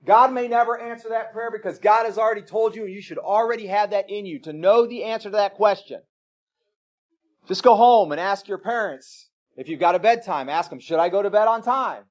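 A man with a notably high-pitched voice preaches a sermon. His delivery is relaxed and chatty, with frequent tag questions and homely kitchen examples. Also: fairly quick. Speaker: pastor.

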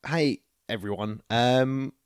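A man co-hosting a casual podcast, animated, laughing often and restarting his sentences. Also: medium pitch, slow, smooth, no room sound, clean studio sound. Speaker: podcast co-host. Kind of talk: casual chat.

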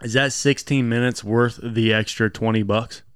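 A man co-hosting a podcast in casual chat, blunt and quick to swear and rant. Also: medium pitch, fairly even intonation, smooth, dry recording, clean studio sound. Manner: blunt, swears freely, rants in bursts. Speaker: podcast co-host.

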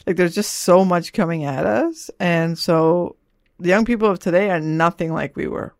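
A middle-aged woman, an author and parent, speaks casually in an interview with a lowish voice at a moderate pace. The studio-quality recording has no echo, and her rambling manner keeps checking in with "you know" and "right?".

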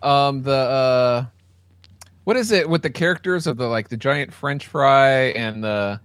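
A man's voice: mid-range voice, measured pace, fairly bright tone, clean tone, no echo. A man co-hosting a casual podcast, hesitant and flustered, laughing often. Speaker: podcast co-host.

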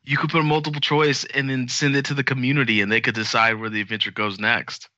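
A man's voice: medium pitch, little pitch movement, fast, sharp tone, dry recording, highs cut off. A man hosting a podcast in loose, joking banter, often laughing. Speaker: podcast host.

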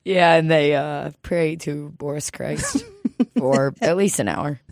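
A woman's voice: sits low, lively intonation, slow pace, a little mellow, no room sound, clean studio sound. A woman chatting casually and comedically, laughing often and swearing freely. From Russian family background.

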